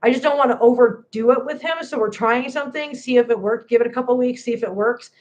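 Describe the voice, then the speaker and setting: A woman's voice: a little high, fast talker, darkish tone. A woman hosting a cat channel livestream, tearful and talking to viewers in an emphatic, impassioned way that repeats phrases.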